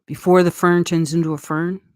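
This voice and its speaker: A woman's voice: on the low side, level tone, fairly quick, a little mellow, no echo, clean studio sound. A middle-aged woman from Eastern Canada with a Canadian accent, chatting casually on a live stream in a rambling way and laughing often. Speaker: livestream host.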